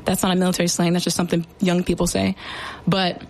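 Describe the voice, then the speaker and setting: A young woman, hosting a radio show in a chatty, animated way. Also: lowish voice, fast talker, rough recording. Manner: chatty and animated, lots of fillers and exclamations. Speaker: radio host. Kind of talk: casual radio talk.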